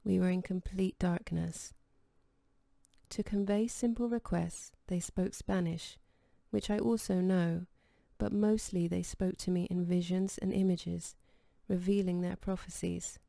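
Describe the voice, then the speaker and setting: A woman reading the lines of a gentle, quietly insistent man in a calm, even voice. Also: fairly low pitch, a little slow, vocal fry, no room sound, clean studio sound. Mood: recounting.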